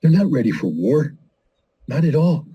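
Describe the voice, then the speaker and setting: A man's voice: fairly high pitch, big pitch swings, normal speed, breathy edge, highs cut off. A middle-aged man giving blunt, impassioned political commentary, full of rhetorical questions and mocking quotes. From United States.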